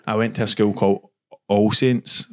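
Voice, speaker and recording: A man's voice: fairly low pitch, little pitch movement, moderate pace. A young man with a Glaswegian Scottish accent, hosting a casual podcast chat full of swearing and laughter. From Scotland. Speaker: podcast host.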